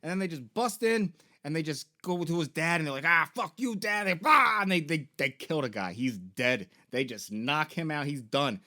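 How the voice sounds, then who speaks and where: A young man hosts a casual game-story recap, rambling along with plenty of ums and swearing. His voice sits a bit higher than most men's. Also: expressive, moderate pace, pushed and bright. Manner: rambling, profane, full of fillers. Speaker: toy and game store host.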